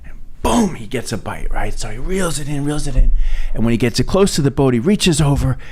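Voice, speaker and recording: Podcast host, male, mid pitch, animated relaxed storyteller. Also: brisk, husky. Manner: relaxed storyteller with many fillers. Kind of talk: telling a long joke.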